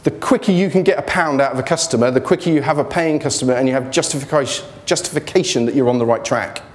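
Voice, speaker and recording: A man's voice: medium pitch, fast. A man giving an informal motivational talk about his business failures, blunt and joking, speaking in a students' union hall.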